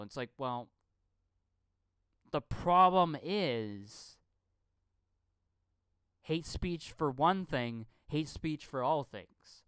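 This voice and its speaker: A man's voice: on the high side, expressive, slow pace, long pauses, fairly bright tone, clean tone, no echo. A man rambling through a profane live-stream rant, stammering and repeating his words. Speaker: channel host.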